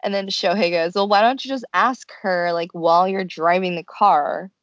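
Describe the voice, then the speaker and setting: A young woman co-hosting a casual chat, animatedly recapping a show and acting out quotes in high voices. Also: fairly even intonation, normal speed, no echo. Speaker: podcast co-host.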